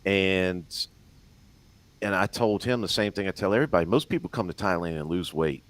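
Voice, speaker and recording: A man's voice: low voice, expressive, brisk, no room sound. A man with a Louisiana accent telling rambling, self-deprecating stories in a casual live-stream chat. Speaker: guest.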